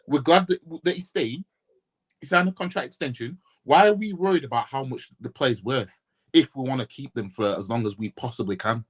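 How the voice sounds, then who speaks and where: A man's voice: mid-range voice, a little fast, slightly rough. Ranting, swearing man from Yorkshire. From Yorkshire, England. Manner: blunt, profane, repetitive ranting with rhetorical questions. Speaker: football fan vlogger. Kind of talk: ranting casual vlog.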